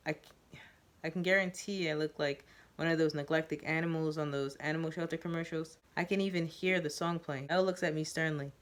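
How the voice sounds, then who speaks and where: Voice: mid-range voice, steady tone, moderate pace, a bit bright. Storyteller reading a first-person tale. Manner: plain reading with small stumbles and repeats. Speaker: story reader.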